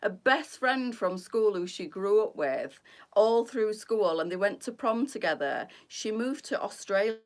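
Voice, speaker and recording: A woman's voice: mid-range voice, animated, measured pace. A middle-aged woman, hosting a casual live stream and chatting with her viewers, greeting them by name and rambling freely.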